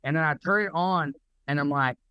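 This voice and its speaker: A man's voice: on the high side, fairly quick, smooth, no echo, lo-fi sound. A man co-hosting a podcast, ranting in casual, profane chat. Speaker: podcast co-host.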